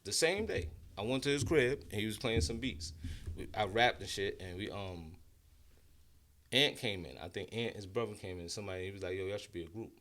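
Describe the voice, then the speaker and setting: A man in his forties from Brooklyn with a New York accent, a podcast guest telling stories in an animated, slangy way with frequent restarts. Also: on the low side, brisk. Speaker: guest, rapper and producer. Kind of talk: casual storytelling interview.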